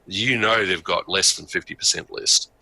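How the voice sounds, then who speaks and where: A man with a lowish voice and a strikingly bright, sharp tone co-hosts a podcast. He explains business deals in a loose chat, with wry asides. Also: moderate pace, gravelly, no echo, rough recording. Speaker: podcast co-host.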